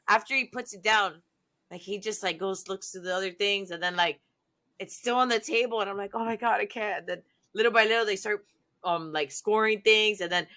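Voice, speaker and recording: Excitable woman guest, bright voice, rambling podcast storyteller. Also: mid-range voice. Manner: excitable, animated, heavy use of "like".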